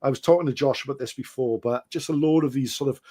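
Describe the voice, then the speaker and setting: A man's voice: medium pitch, fast talker, warm tone. A Welsh man chatting casually as a podcast guest, telling self-deprecating stories with lots of restarts. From Wales. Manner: rambling, self-deprecating anecdotes with many restarts. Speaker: guest storyteller and wargamer.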